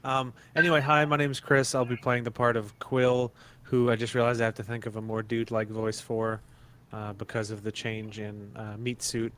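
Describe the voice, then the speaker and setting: A man's voice: medium pitch, little pitch movement, moderate pace, a bit bright. A man playing in an online tabletop game, rambling and apologetic, on a computer mic over a voice call. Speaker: player. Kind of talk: casual tabletop game chat.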